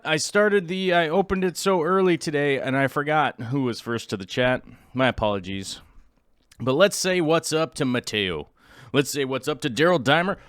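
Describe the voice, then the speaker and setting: Male livestream host, excitable, loud bursts, smooth clear voice, dry close sound. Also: medium pitch, dry recording. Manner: excitable and loud, jumping between yelling and mumbling. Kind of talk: casual livestream chat, greeting viewers.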